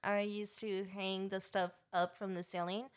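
Young woman podcast cohost, mid pitch, plain matter-of-fact storytelling. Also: level tone, normal speed. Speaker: podcast co-host. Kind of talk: casual chat.

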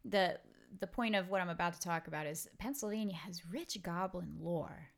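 A woman's voice: fairly low pitch, normal speed, creaky. Rambling, swearing woman podcaster from Brooklyn. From Brooklyn, New York. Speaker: podcast co-host. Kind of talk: casual chat.

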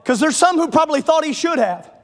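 High-voiced impassioned preaching man. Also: lively intonation, quick pace. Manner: impassioned, builds to shouting, stretches key phrases. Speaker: pastor. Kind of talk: sermon. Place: church sanctuary before a congregation.

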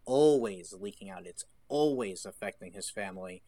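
A man's voice: lowish voice, animated, moderate pace, warm tone, dry recording. A man co-hosting a casual film discussion, thoughtful and digressive, acting out quoted lines. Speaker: podcast co-host.

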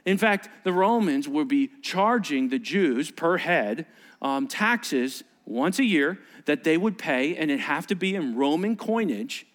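A male pastor delivering a sermon, animated and joking, acting out little voices and sarcastic asides. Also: fairly high pitch, measured pace.

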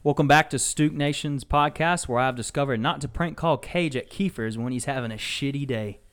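A male podcast host chatting loosely with friends. He tells stories in a rambling, laughing way, swearing freely. His voice sits at an ordinary middle pitch. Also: moderate pace, a bit bright. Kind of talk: casual banter podcast.

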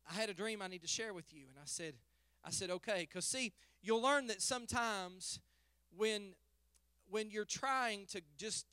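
Male pastor, middle-aged, sermon, quiet storytelling rising to fervent calls, fairly high voice. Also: smooth, dry recording. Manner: storytelling, swings from hushed to fervent.

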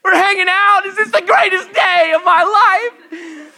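Excited pet dog, man doing the voice, high and gushing. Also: unhurried, creaky, exaggerated voice. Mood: overjoyed. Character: overjoyed female Labrador dog, eager and clingy.

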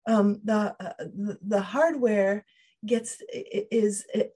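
Soft husky woman explaining gently. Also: medium pitch, steady tone. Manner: thoughtful, halting restarts, quotes inner voices. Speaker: podcast guest, emotional wellbeing trainer. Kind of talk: explanatory interview talk.

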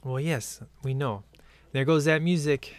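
A man's voice: on the high side, unhurried, dry recording. A man in casual, rambling chat as he watches a film at home, laughing often. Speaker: movie commentary viewer.

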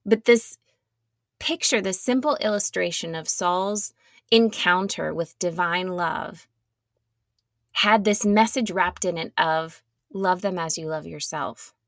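A woman gives an earnest, reflective sermon in an unhurried way, with a gravelly edge to her voice. She sometimes sinks to a soft near-whisper, and the sound is close and dry. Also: fairly low pitch, no room sound. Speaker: speaker giving a devotional talk.

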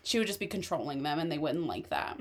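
A woman co-hosting a casual podcast chat, retelling a TV episode with lively acted-out quotes and frequent laughter. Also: low voice, quick pace. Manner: animated storytelling, acting out quoted lines, laughs often. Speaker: podcast co-host.

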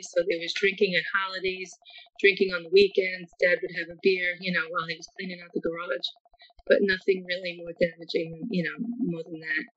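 A woman's voice: fairly low pitch, a bit bright. A middle-aged woman speaking earnestly at a recovery meeting on a video call, grateful and rambling, with many fillers. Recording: dull lo-fi call audio.

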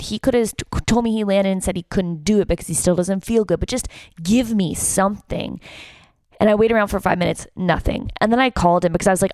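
A young woman talks frankly on her podcast, pouring out a personal story with open emotion and frequent swearing. Her voice sits a little low and comes through smooth and clean, close and dry with no room sound. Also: brisk, no room sound. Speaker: podcast host.

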